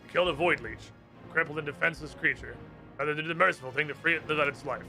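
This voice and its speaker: A man reading out the lines of a formal knightly commander in a video game, in a measured, quick manner. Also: fairly high pitch, sharp tone, soft background music. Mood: judging. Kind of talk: reading game dialogue aloud.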